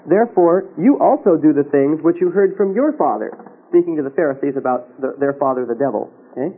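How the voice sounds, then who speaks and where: A husky, fairly high-pitched man teaching from the Bible, reading verses aloud and pausing for a checking "Okay?". His voice comes through a thin, tinny radio broadcast. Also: lively intonation. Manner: reads scripture aloud and checks in with frequent "Okay?". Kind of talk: sermon-style Bible teaching.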